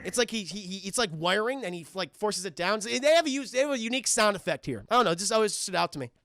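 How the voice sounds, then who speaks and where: A young man giving a casual, excitable and profane film review on a live stream, acting out the scenes. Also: sits high, fast talker, no echo, studio quality.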